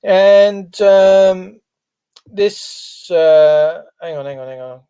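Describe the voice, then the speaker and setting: A man's voice: sits high, drawn-out words, dark tone, clear, resonant tone. A man hosting a casual livestream, rambling and chatty with lots of fillers. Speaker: livestream host. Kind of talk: casual live-stream chat.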